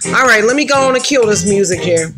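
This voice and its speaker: A woman's voice: mid-range voice, expressive, fast, over loud music. A woman hosting her own livestream in a casual, upbeat way, greeting viewers by name and using slang. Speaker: livestream host.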